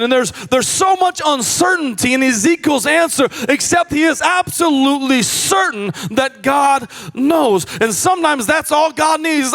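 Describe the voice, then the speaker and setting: A male pastor preaching a sermon in a conversational style, moving between hushed and raised delivery. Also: very high voice, creaky, long reverb tail. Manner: conversational asides and restarts.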